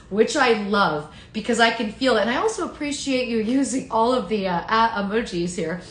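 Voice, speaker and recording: A woman's voice: fairly high pitch, fairly bright tone. Chatty woman streaming live in echoey room. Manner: chatty, exclaims at comments, answers viewers by name. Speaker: livestream host reading chat. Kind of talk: casual live-stream chat. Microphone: phone.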